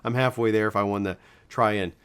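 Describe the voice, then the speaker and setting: Lower-voiced man chatting about games. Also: steady tone, fairly quick, a bit bright, smooth. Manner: rambling, self-correcting, enthusiastic. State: voice cracking. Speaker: gaming video creator. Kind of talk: casual talk to camera.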